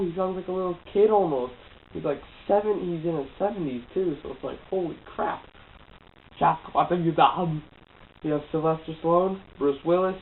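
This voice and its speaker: A casual movie reviewer talks with a cold, wandering through his points with plenty of ums, uhs and false starts. The sound is narrow and tinny, like a phone line, with a faint hiss running underneath. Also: medium pitch. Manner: rambling, heavy on fillers and restarts. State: has a cold.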